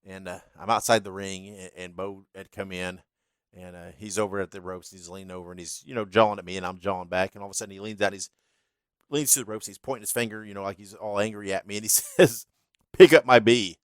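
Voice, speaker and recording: A man's voice: deep voice, flat delivery, fast, fairly bright tone, no echo. A man hosting a podcast, telling stories casually with laughs and plenty of fillers. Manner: chatty, laughs through his stories, filler-heavy. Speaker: podcast host.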